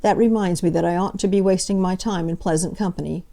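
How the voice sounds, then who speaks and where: Woman reading as stolid young detective, slow plain speech, low mellow tone, working-class phrasing. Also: fairly even intonation, vocal fry.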